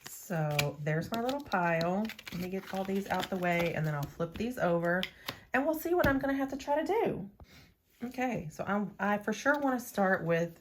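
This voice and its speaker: A woman's voice: mid-range voice, expressive, moderate pace, background noise. A woman vlogging about nail art in a casual, playful, chatty way, talking to herself as she works. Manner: chatty, playful, talks to herself while working. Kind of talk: casual chat to camera.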